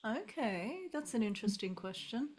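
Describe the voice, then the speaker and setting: A woman's voice: a little high, normal speed, husky. A middle-aged Australian woman, an English teacher, chatting thoughtfully over a video call and often restarting her sentences. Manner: relaxed, thoughtful, musing with restarts. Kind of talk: casual video call conversation.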